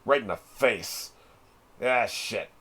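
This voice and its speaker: A middle-aged reaction channel host chats casually while watching a video, swearing freely and laughing often. His mid-range voice is a bit bright and he takes it slowly.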